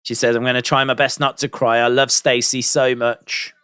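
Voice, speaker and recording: A man's voice: medium pitch, level tone, moderate pace, fairly bright tone, smooth, no echo, clean studio sound. A man hosting a wrestling watch-along stream, chatting and reacting with laughs and asides. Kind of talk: casual live-stream commentary.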